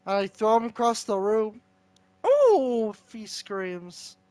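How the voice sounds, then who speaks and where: A male host improvising a role-play, laughing easily and speaking in an offbeat, deadpan way. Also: high-pitched, takes it slowly, smooth, no room sound.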